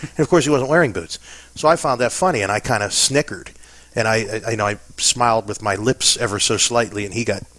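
A Pennsylvania man with a fairly low voice tells long, chatty stories in a casual interview. He pokes fun at himself as he goes, and the recording is dry and close with no room sound. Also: fairly bright tone, no room sound. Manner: chatty anecdotal storyteller, self-deprecating. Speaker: interview guest.

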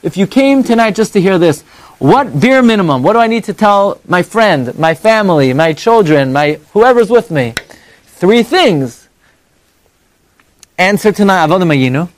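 A man with a high voice teaches an evening class to a live audience. He is animated and conversational, jumping between bright exclamations and quiet asides, and he keeps firing rhetorical questions. The sound is dry and close, with almost no room echo. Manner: quick rhetorical questions and mock dialogue.

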